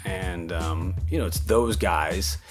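A man casually recounting a story from his past, lively and acting out other people's voices. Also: low voice, slow, music in the background. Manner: animated, acts out the voices of others in his anecdotes. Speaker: interviewee recounting his studio career.

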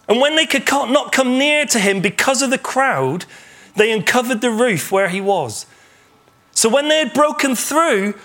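A male pastor with a high, bright voice delivers a sermon. He tells the story vividly, slipping into imagined conversations as he goes. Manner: animated storytelling, acts out imagined dialogue.

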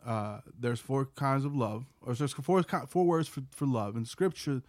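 Brief: sniffly male co-host who explains in halting stops and starts, dry booth recording. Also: mid-range voice, lively intonation, darkish tone, dry recording. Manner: halting, many restarts while explaining. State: sniffly from a cold. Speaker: podcast co-host. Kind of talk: casual faith podcast chat.

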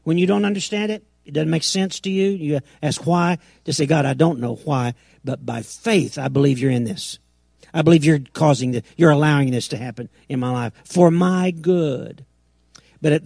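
A middle-aged man delivers an emphatic sermon in a somewhat high, gravelly voice. He swings between quiet, slow asides and loud, ringing declarations, acting out the quotes he reads. The sound is close and dry, with no room around it. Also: no room sound. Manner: emphatic, dramatic swings in pitch and loudness, acts out quotes. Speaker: preacher.

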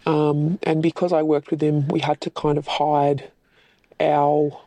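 A woman sharing a secret as a listener in a voice message, hesitant with many pauses. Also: deep voice, level tone, warm tone, no room sound, low-quality recording.

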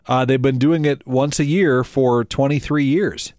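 A man's voice: medium pitch, fairly even intonation, measured pace, darkish tone, no echo, studio quality. A man co-hosting a casual podcast chat. He laughs often and trails off with fillers. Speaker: podcast co-host.

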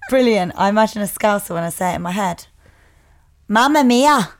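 A woman's voice: medium pitch, a little mellow. Cheeky woman co-hosting a podcast. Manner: cheeky, quick to laugh. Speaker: podcast co-host. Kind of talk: casual podcast chat.

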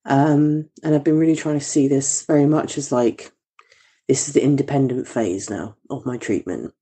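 A woman's voice: rumbling low, normal speed, warm tone, slightly rough. A woman leaving a heartfelt, emotional voice message to a podcast, swearing now and then.

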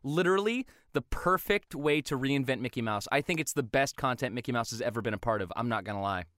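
Animated young man with bright, lively voice. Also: medium pitch, fast talker, no room sound, clean studio sound. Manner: animated, jumps into loud cartoon impressions. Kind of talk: casual podcast chat.

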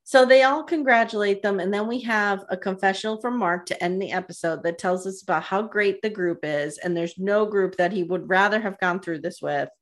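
A woman chatting through a reality show recap with a gossipy, animated delivery. She retells scenes in quick quoted asides and breaks into laughter often. Her voice sits at an ordinary middle pitch. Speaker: podcast co-host. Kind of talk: casual recap chat.

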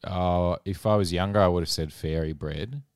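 Deep-voiced easygoing man. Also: normal speed, a little mellow, smooth, no room sound, studio quality. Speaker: podcast co-host. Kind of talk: casual chat.

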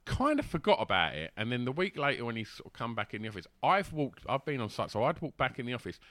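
A man tells a rambling anecdote, full of fillers and restarts. His voice is bright and swings widely in pitch. The sound is close and dry, with no room in it. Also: very animated, fast talker, no echo. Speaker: guest telling a story. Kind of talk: casual anecdote.

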